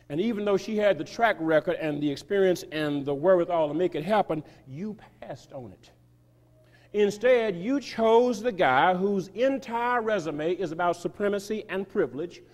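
Male pastor, high voice, emphatic sermon delivery, long church-hall reverb. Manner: emphatic, sweeping shifts of loudness and pace. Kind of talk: sermon reading a quoted article aloud. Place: church sanctuary.

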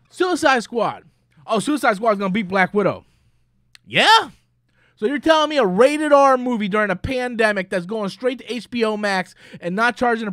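High-voiced man in a profane rant. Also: fairly bright tone, no echo, clean studio sound. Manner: heated, profane, keeps tagging "right?". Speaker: channel host.

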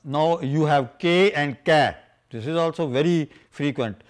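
An older man giving an unscripted scholarly lecture on pronunciation, halting with many fillers and "you see", slowing down to chant quoted verses. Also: on the high side. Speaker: scholar lecturing on scripture language.

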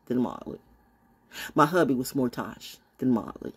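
A woman broadcaster ranting off the cuff in a brash, profane way, sliding from low mutters to loud squeals. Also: very animated, a little slow, slightly rough. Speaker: voice actor and broadcaster. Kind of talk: off-the-cuff rant and freestyle.

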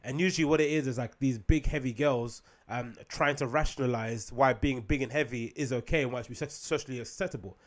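A man talks alone into his podcast mic in a loose, rambling way. He fills gaps with ums, swears without thinking, and keeps asking "right?" His pitch sits right in the ordinary middle for a man. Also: quick pace, hardly any pauses. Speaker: podcast host. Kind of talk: solo rambling podcast monologue.

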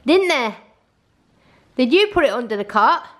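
A woman's voice: high voice, big pitch swings, moderate pace, a little hiss or hum. A woman chatting casually in a home vlog, coaxing and teasing her toddler. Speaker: family vlogger. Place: family home, indoors.

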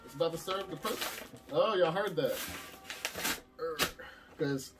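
A man's voice: fairly high pitch, lively intonation, a little slow, noisy background. A man chatting casually to his viewers while unboxing, slangy and talkative. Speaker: vlogger unboxing anime figures. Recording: distant mic with music behind.

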